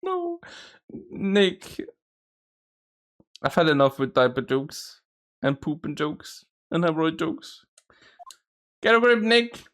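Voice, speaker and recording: A man voicing a young woman sidekick in a game, speaking high and exasperated. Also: very animated, slow, pauses often, a bit bright, heavily acted.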